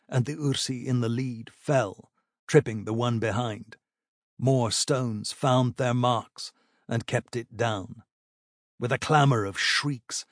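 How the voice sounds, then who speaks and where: A man narrating a fantasy battle audiobook in a measured, even storytelling manner. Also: medium pitch, no room sound, studio quality.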